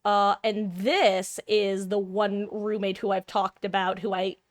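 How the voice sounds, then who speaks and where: A woman's voice: medium pitch, level tone, a little slow. Chatty young woman streamer. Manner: chatty, self-deprecating, swears casually. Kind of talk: casual live-stream chat.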